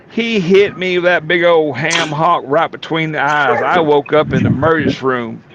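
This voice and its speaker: A man telling rowdy stories in a folksy drawl, peppered with cursing. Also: a little high. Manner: folksy drawl, colorful profanity. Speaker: storyteller on a talk show. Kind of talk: casual storytelling. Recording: dull lo-fi sound, faint room noise.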